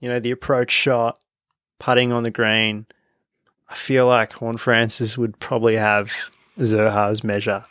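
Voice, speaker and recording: A man's voice: mid-range voice, little pitch movement, a little slow, a bit bright, smooth, no echo, studio quality. A young Australian man co-hosting a sports podcast, laid-back and casual, dropping "mate" often. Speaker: podcast co-host.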